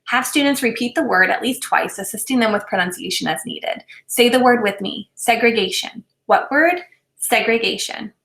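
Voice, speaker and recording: A woman presenting a recorded teacher training lesson, speaking in a clear, deliberate, instructional way. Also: fairly high pitch, lively intonation, a bit bright, roomy sound. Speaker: literacy presenter.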